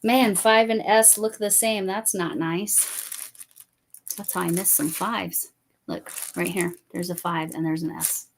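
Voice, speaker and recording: A woman's voice: fairly low pitch, steady tone, unhurried, a little hiss or hum. A woman hosting a casual live stream, chatting and rambling with many fillers.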